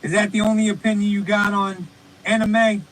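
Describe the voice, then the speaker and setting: A man's voice: high voice, flat delivery, normal speed, a little hiss or hum, poor audio. A man hosting a casual, profane online stream chat, talking loosely and rambling. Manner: loose, rambling, swears freely. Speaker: podcast host. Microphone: remote stream call.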